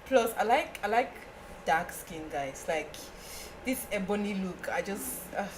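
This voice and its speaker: A young woman with a Nigerian accent, a podcast guest telling a story in casual chat, animated and often laughing. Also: a little slow, background noise. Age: young adult. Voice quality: laughing, animated, breaks into high squeals.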